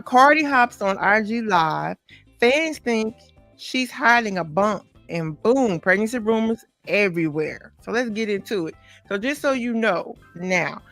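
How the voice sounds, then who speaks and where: Woman host for casual celebrity gossip chat, mid pitch, low music bed under her. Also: a bit bright. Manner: chatty, talks straight to viewers, many asides and "okay?" tags. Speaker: podcast host.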